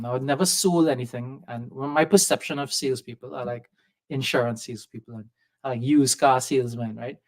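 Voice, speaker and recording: Man, softened Trinidadian accent, podcast guest, lively storyteller, video call audio. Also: mid-range voice. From Trinidad and Tobago. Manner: lively anecdotal storyteller, acts out quoted voices. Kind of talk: storytelling in a conversation. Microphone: video call setup.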